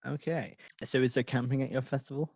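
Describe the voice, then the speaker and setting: A man's voice: mid-range voice, steady tone, a little fast, vocal fry, darkish tone, slightly rough, no echo, clean studio sound. A man hosting a casual podcast interview, laughing often as he asks questions. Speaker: podcast host.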